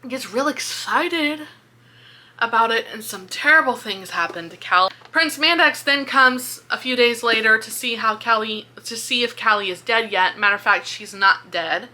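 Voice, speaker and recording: A woman casually retelling a book's plot in a video review, chatty and animated, swearing and filling with "like". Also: on the high side, normal speed. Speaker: book reviewer. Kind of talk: casual book-review vlog.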